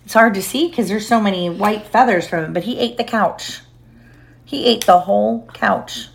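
A woman's voice: medium pitch, moderate pace, creaky. Mother reading a picture book aloud. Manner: expressive, playful storytelling with questions to the child.

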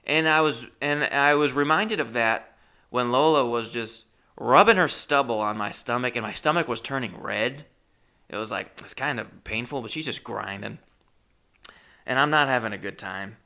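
Gravelly man telling a rambling story. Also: mid-range voice, normal speed, pushed and bright. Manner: awkward, self-deprecating, rambling with restarts. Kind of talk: stand-up storytelling.

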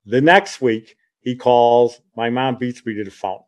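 A man's voice: mid-range voice, measured pace. An older man in his sixties hosts a podcast and tells stories from his own youth. He talks casually and chattily, the way someone would at a kitchen table, and he laughs at his own tales. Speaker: podcast host. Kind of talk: casual personal storytelling.

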